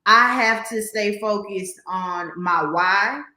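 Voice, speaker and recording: Chatty Southern woman, bright voice. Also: medium pitch, takes it slowly, reverberant. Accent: Southern American. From Southern United States. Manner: lively, chatty, folksy. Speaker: guest realtor. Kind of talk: casual podcast interview.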